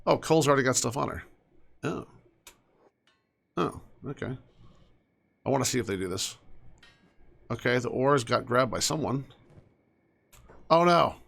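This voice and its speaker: A young man giving casual commentary while he plays a game, chatting to his characters and often dropping to soft mutters. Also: medium pitch, lively intonation, measured pace, creaky, long pauses. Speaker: gaming streamer.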